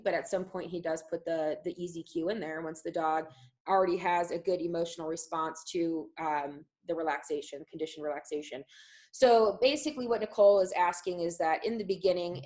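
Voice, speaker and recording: Woman dog trainer, fairly low voice, loose explanatory delivery, lots of fillers. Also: poor audio. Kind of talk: live online training class.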